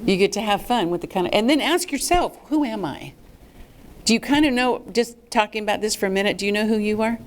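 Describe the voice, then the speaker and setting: A woman presenting a fundraising workshop to a live audience in a lively, chatty way. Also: mid-range voice, quick pace, hardly any pauses, a little hiss or hum. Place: meeting room with a live audience.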